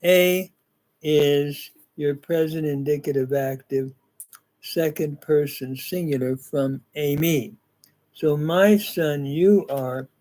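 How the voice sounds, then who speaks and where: An older man teaching a scripture reading and grammar lesson in a slow, halting way with frequent fillers. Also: a little high, steady tone, a little mellow. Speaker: Bible teacher.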